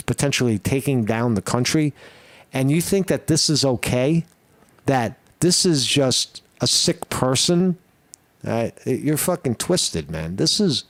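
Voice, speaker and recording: Slow, blunt-talking male commentary host. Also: mid-range voice, dry recording. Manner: profane, blunt, halting with many restarts. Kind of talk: ranting political commentary.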